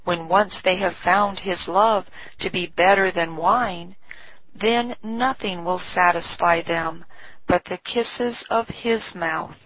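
A woman giving a scripted devotional reading with measured, deliberate phrasing, on a dull, slightly lo-fi recording. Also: on the low side. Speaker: devotional reader.

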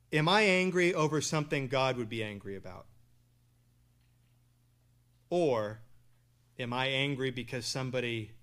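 A man preaching a sermon, asking the congregation questions and answering them, with loud stresses and quiet asides. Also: medium pitch. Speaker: pastor.

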